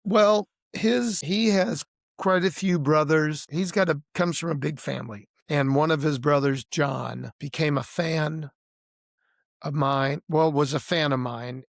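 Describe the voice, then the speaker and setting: Gravelly man telling road stories. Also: on the high side, dry recording, studio quality. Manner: relaxed storyteller, restarts and "you know"s. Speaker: blues musician guest. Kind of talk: casual interview chat.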